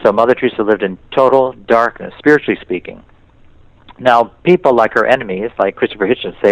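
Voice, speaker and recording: A man's voice: fairly low pitch, fairly quick, dry recording, lo-fi sound. A man, a priest, giving a spiritual talk in an interview and telling stories in which he quotes other people. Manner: storytelling, slips into quoted voices.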